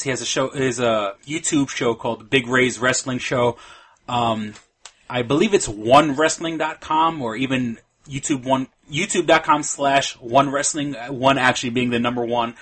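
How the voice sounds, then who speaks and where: Bright, husky-voiced podcast host. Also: male voice, mid-range voice, steady tone, moderate pace. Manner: rambling, plugging links with many ums. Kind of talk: casual chat.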